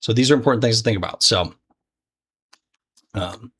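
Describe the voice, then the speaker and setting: Speaking to the viewer in a relaxed, chatty way, a male trading instructor delivers a recorded course lesson. His voice is lowish, bright and slightly rough, with a forceful tone at a normal speed. He swears a lot and keeps restarting what he says.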